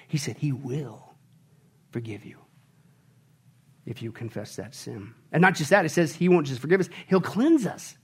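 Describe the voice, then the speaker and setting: A man delivers a sermon as pastor, his voice sitting high. He preaches emphatically, firing rhetorical questions at the congregation. He moves between quiet, intimate stretches and loud, exclaiming peaks. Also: big pitch swings, fairly quick, breathy edge.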